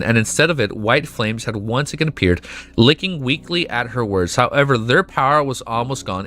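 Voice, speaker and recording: A man streaming live, reading a novel aloud and breaking into excitable reactions full of swearing and laughter. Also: mid-range voice.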